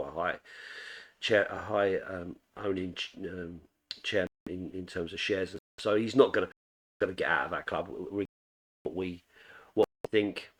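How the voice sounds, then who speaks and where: A man's voice: low-pitched, husky. A middle-aged man casually reviewing a football match as a fan, rambling with frequent restarts. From England. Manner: rambling, full of restarts and fillers.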